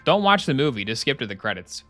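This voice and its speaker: A man's voice: mid-range voice, sing-song, fast talker, fairly bright tone, soft background music. A man casually chatting on a live stream while playing a game, rambling and sarcastic, often slipping into mock voices.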